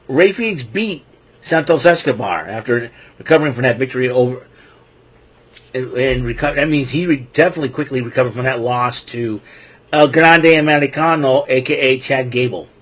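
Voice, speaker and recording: A man giving a rambling, casual wrestling recap, chuckling often and filling pauses with ums and restarts. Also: mid-range voice, a bit bright.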